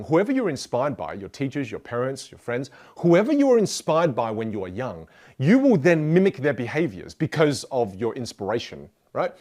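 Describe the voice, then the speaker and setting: A man's voice: medium pitch, a little mellow. A man teaching a motivational communication lesson, speaking playfully and directly to the listener. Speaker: communication coach.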